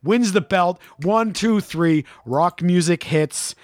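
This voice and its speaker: A man in his thirties telling a story in casual chat, animated and profane, acting out chants and shouts. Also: sits high, slow pace, dry recording, studio quality.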